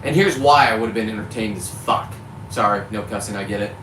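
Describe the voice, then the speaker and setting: Male fisherman vlogger from California, heated profane monologue, forceful bright tone, distant echoey mic. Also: lowish voice, brisk. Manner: heated, profane, self-correcting about cussing. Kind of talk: ranting monologue to camera. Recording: echoey, distant mic with faint background noise.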